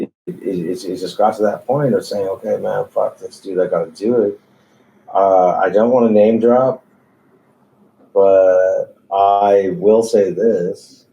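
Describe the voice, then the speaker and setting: A man's voice: deep voice, steady tone, slow pace, long pauses, dark tone, poor audio. A man, a tattoo artist, telling stories in a laid-back way, swearing freely and laughing often. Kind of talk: casual storytelling. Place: tattoo shop.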